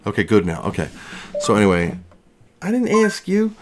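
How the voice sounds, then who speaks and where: Man, low-pitched, out of breath, rambling livestream chat, self-deprecating jokes. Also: huge pitch swings, normal speed, background noise. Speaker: livestream host.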